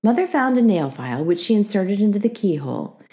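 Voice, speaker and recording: Woman, storybook narration, expressive, lively pitch, medium voice. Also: fairly quick. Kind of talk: children's book reading.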